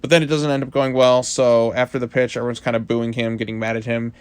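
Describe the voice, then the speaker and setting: A man's voice: medium pitch, little pitch movement, quick pace, clear, resonant tone, dry recording. Casual rambling male comic reviewer. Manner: rambling, filler-heavy, casual.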